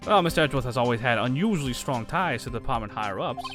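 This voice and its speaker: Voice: medium pitch, animated, racing, over music, close to an everyday voice. A streamer voicing an earnest, bumbling male police detective from a game, reading his lines in an eager, emphatic way. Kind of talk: game dialogue read aloud.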